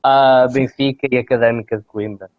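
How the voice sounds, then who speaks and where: A man's voice: mid-range voice, steady tone, quick pace, dry recording, phone-quality sound. A male podcast host chatting casually about football, rambling and repeating his words as he starts sentences.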